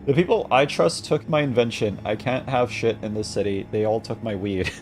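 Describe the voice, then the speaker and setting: A male streamer giving excitable, jokey commentary while he plays a game, often breaking into loud outbursts. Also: medium pitch, normal speed, faint music behind. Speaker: gaming streamer. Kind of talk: casual gaming commentary.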